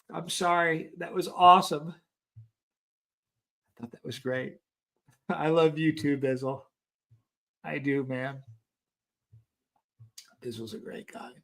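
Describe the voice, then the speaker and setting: A man's voice: fairly high pitch, lively intonation, slow, pauses often, fairly bright tone. Earnest, rambling man hosting a livestream. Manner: earnest, rambling, with many restarts. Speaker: livestream host. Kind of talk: casual chat reading live comments.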